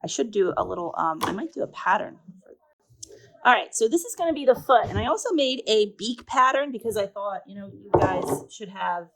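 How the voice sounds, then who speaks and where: With lively intonation and a mid-range voice, this woman talks fairly quickly on a low-quality recording. She's an art teacher taking viewers through a paper craft in steps, chatty and self-deprecating as she goes.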